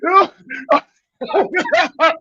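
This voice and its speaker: A man's voice: extremely high pitch, huge pitch swings, drawn-out words, pushed and bright, lo-fi sound. A man from Brooklyn with a New York accent, hosting a livestream and ranting in a mocking, profane way with bursts of laughter. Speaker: livestream host. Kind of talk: livestream rant.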